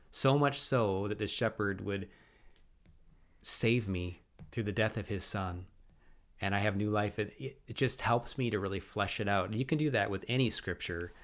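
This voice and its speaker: A man's voice: fairly low pitch, a bit bright. A man co-hosting a faith podcast, talking in an earnest, thoughtful way with frequent restarts. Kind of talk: reflective faith podcast talk.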